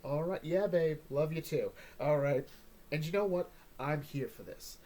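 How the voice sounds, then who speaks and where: A man's voice: a little high, measured pace, dark tone. A man hosting a casual comic book chat, joking and rambling, often tagging on "all right?". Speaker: comic book podcast host.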